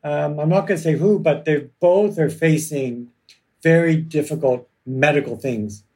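A man, an author and lawyer, speaking reflectively in an interview with many pauses and ums. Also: on the high side, warm tone. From Canada. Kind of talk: conversational interview.

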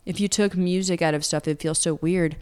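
During a relaxed interview, a twenty-something singer-songwriter from Atlanta, US, rambles along with plenty of filler words. She speaks fairly quickly in a fairly low, steady voice that's warm and smooth.

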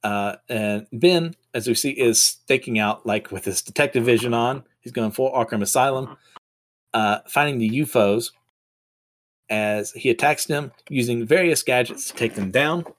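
A man's voice: mid-range voice, normal speed. Brief: casual, self-deprecating male comic podcast host with a mid-range voice. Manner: chatty, self-deprecating, many fillers. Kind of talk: casual recap and review.

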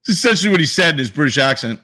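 A man's voice: fairly high pitch, expressive, rapid-fire, pushed and bright. A man co-hosting a sports podcast, talking casually and animatedly, swearing freely. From New York area. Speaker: podcast co-host.

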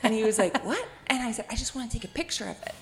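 A woman author telling animated anecdotes in a casual interview, acting out quotes and laughing often. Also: on the high side, rapid-fire. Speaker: guest author and blogger. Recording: echoey room with long reverb.

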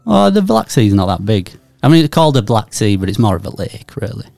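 A low-pitched man, talking through half-serious theories in loose podcast banter. The sound is dry and close, with no room around it. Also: big pitch swings, quick pace, gravelly, a little mellow, dry recording, faint music behind. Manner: rambling, jokey, mock-serious theorizing. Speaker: podcast co-host. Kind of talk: casual banter.

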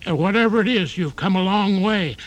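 A man's voice: sits high, a little fast, pitched above the performer's own voice, natural voice, rough recording. A man voicing a frail elderly male tap dancer who is timid and pleading, on a radio broadcast. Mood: meek pleading.

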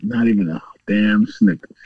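A man's voice: lowish voice, sing-song, normal speed, gravelly, breathy edge, no room sound. A man, a podcast co-host, reacting with laughs and short quips in casual chat. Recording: distant, dull-sounding mic.

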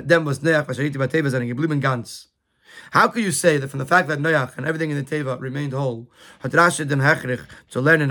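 High bright-voiced man teaching text. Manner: repeats words and stammers while explaining. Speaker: Torah teacher. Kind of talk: reading a Yiddish text and translating it into English.

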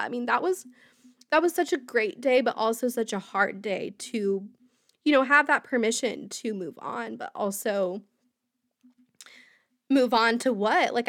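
A woman's voice: a little high, fairly bright tone, no echo. Candid young woman podcast host, dry sound. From Indiana, USA. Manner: candid and rambling, many fillers, laughs while telling hard parts. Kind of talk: candid personal storytelling.

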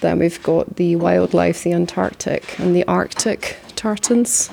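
A woman showing visitors around a mill, agreeable and explaining things in a relaxed way. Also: on the low side, a little slow, gravelly, a little hiss or hum. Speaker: tour guide at a mill. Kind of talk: guided tour interview.

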